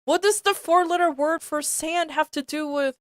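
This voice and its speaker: A woman's voice: high-pitched, moderate pace, no room sound. A young woman streaming, reading aloud and reacting in disbelief while often breaking into giggles. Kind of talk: casual live-stream reading commentary.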